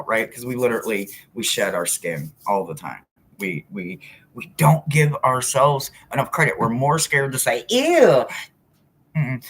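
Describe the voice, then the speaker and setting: With a rumbling low voice, a spiritual reader talks straight to viewers on her casual live chat. She's blunt and animated, swears without hesitation, and veers from loud to soft, and there's slight background noise.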